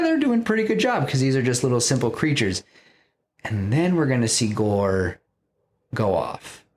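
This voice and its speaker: A man hosting a podcast, casually pitching a film story in a rambling way, full of fillers. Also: slight background noise. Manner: rambling, many fillers like "you know".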